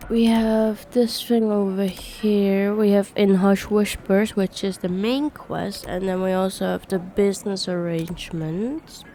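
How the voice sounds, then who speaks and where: A woman recovering from a bad cold, giving slow let's-play commentary and mumbling to herself as she plays. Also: mid-range voice, fairly even intonation, dark tone, slight background noise. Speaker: gamer.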